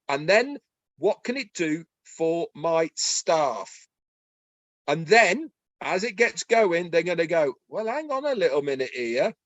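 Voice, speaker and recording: High-pitched guy hyped up pitching stuff on a webinar call, dry sound. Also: dry recording. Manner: excited, pitching. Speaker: webinar presenter. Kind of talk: promotional webinar talk.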